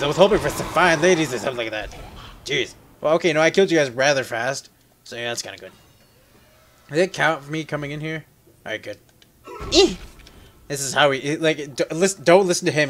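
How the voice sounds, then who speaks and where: A man giving casual let's play commentary, joking and rambling, with sudden loud yelps, while sick. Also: a little high, lively intonation, quick pace. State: sick, on medication.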